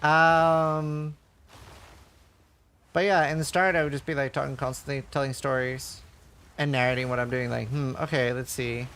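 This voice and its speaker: Delivered flatly at a moderate pace with long pauses, his voice is a little high, fairly bright, clear and resonant. While streaming a game, he reads chat questions aloud and answers in a chatty, filler-heavy ramble.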